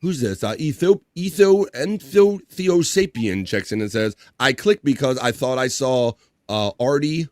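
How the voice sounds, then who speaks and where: Dude hosting a live stream, reads chat names out, jokey and loose, dry close sound. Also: male voice, mid-range voice, lively intonation, moderate pace, no echo. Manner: loose and joking, laughs easily, drawls shout-outs. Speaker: livestream host. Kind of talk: casual livestream chat, reading viewer comments aloud.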